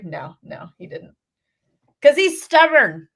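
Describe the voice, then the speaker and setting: A woman's voice: high voice, expressive, slow, a bit bright. A woman co-hosting a radio show, chatting casually, telling stories and laughing easily. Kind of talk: casual morning radio banter. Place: radio studio.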